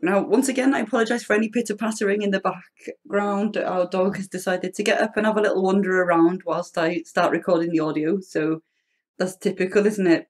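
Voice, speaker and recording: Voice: mid-range voice, fairly even intonation, a little fast. A host giving chatty, rambling gameplay commentary as a voice-over recorded at home. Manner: chatty, rambling, self-deprecating.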